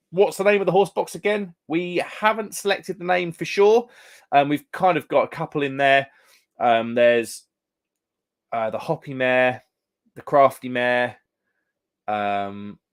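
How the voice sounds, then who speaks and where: Chatty rambling young British man. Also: medium pitch. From United Kingdom. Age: young adult. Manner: rambling, chatty, lots of fillers and restarts. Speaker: live stream host. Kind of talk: casual chat with live chat viewers.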